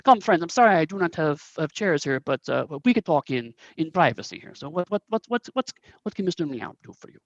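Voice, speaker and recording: A man's voice: a little high, sing-song, brisk, no echo, dull audio, pitched above the performer's own voice. A man voicing a shady, fawning cat groomer who speaks in a thick, obviously fake accent with broken phrasing. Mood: welcoming.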